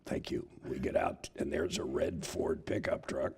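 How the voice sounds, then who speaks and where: An older man, a theatre professor, telling lively anecdotes in a casual interview and laughing often. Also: rumbling low, normal speed, very noisy. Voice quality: gravelly, husky.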